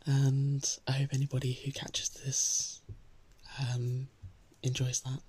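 A woman chatting casually to her viewers and reading a poem aloud, soft-spoken and often slipping into a whisper. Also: rumbling low, monotone, slow, slightly rough. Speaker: host of a daily poem reading. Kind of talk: casual chat and poetry reading.

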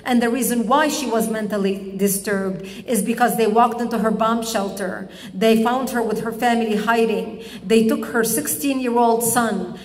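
A woman from Lebanon giving an impassioned public speech, telling stories slowly with emphatic pauses. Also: a little high, big-room sound. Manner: dramatic storytelling, slow emphatic pauses. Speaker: public speaker. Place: public event hall.

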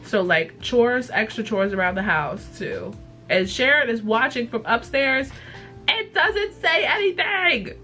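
A young woman vlogger casually retelling a cartoon episode in a profane, slangy, animated way. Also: fairly high pitch, unhurried, soft background music. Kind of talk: casual chat.

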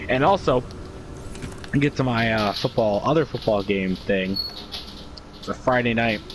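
A man's voice: medium pitch, unhurried, noisy background. A young man, co-hosting a casual podcast, rambling through his own stories with many fillers. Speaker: podcast co-host. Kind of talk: casual storytelling chat.

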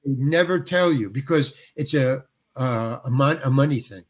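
An older male actor, a guest, telling a long anecdote and acting out the other people's dialogue with lively shifts of voice. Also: medium pitch, normal speed. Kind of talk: storytelling anecdote.

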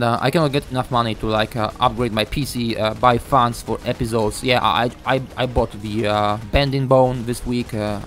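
A young man giving a ranting gameplay commentary, frustrated and swearing, halting with many fillers. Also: mid-range voice, a bit bright. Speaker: gaming YouTuber.

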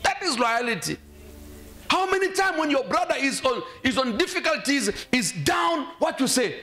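A man's voice: very high-pitched, big pitch swings, moderate pace, bright, forceful tone. A male pastor preaching a sermon in a church, emphatic, quizzing the congregation and acting out quoted voices. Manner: emphatic, asks the congregation questions and acts out quotes.

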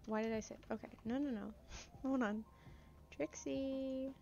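A woman gamer with a high, creaky yet mellow voice speaks at a measured pace in a steady tone, giving chatty, playful let's-play commentary and reading the game's dialogue aloud. The recording is dull lo-fi with faint noise.

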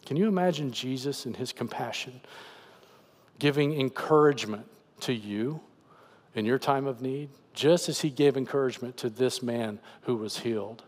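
Pastor preaching in a reverberant church. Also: male voice, mid-range voice, moderate pace. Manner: earnest, paraphrases scripture in a conversational voice. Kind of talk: sermon. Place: church sanctuary.

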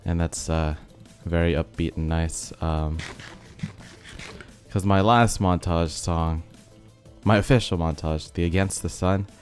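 A young man giving relaxed, rambling commentary over a game, his voice a bit rough from being sick. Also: low-pitched, measured pace. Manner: rambling, filler-heavy, laid-back. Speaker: gaming video host. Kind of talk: casual commentary over gameplay. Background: faint background music.

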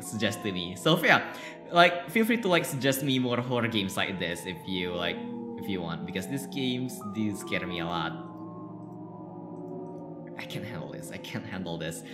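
A streamer nervously commenting live while playing a horror game, repeating short phrases and swinging between soft murmurs and sudden yelps. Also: mid-range voice. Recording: roomy sound with game music. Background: game music.

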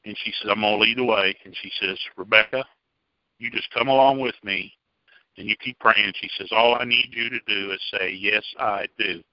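Low-voiced man telling his testimony. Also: steady tone, brisk, few pauses, no echo. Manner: folksy, plainspoken storytelling. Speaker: church member giving testimony. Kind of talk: personal testimony told to a group. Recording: dull, dry lo-fi recording.

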